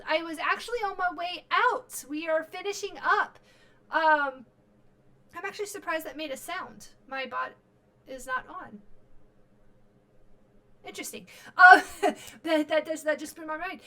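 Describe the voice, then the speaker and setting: A high, bright woman's voice from a streamer who is worn out late at night. She rambles through casual chat, stops and starts, and fills the gaps with ums and uhs. She talks close into a desk mic. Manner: rambling, halting, many fillers and restarts. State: very tired.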